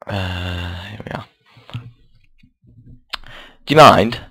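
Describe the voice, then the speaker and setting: A man's voice: sits low, drawn-out words, sharp tone, slightly rough, dry recording, rough recording. A young man, casually commenting as he plays a game and reads its story aloud, rambling and apologetic. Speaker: gamer.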